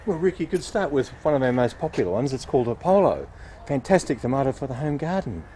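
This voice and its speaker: A man's voice: mid-range voice, big pitch swings, fast, dark tone, a little hiss or hum. A nurseryman patiently explaining tomato growing outdoors at his nursery, playing the straight man. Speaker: nurseryman host. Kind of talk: casual gardening demonstration.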